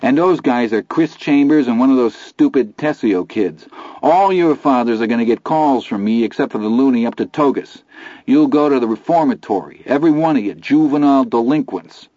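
A man's voice: mid-range voice, moderate pace, warm tone, no echo, pitched above the performer's own voice, natural voice. A man voicing a fat, crude junkyard keeper who sneers and taunts. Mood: threatening. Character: fat bullying middle-aged male junkyard keeper. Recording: dull dry recording.

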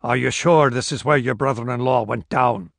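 A man reading a calm, matter-of-fact male team leader who speaks in measured tones. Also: medium pitch, vocal fry, no echo, studio quality.

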